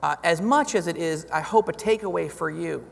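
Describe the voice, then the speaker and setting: A man giving a lively storytelling testimony as a guest speaker in a church, chuckling as he talks. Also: a little high, moderate pace, vocal fry, a little hiss or hum. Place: church sanctuary. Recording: long reverb of a large hall.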